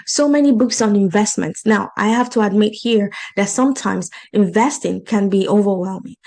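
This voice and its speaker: A life and financial coach with a non-native English accent talks about her coaching program in a casual, encouraging way, repeating points for emphasis. Her voice is medium-pitched and warm, and the recording quality is low.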